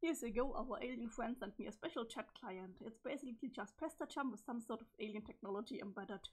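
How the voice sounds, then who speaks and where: A woman reading the part of a calm, cryptic teenage boy from the future in a webcomic, in a flat, measured delivery with a strained voice. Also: a little high, husky. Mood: deadpan. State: strained, failing voice. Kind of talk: reading a webcomic's chat logs aloud.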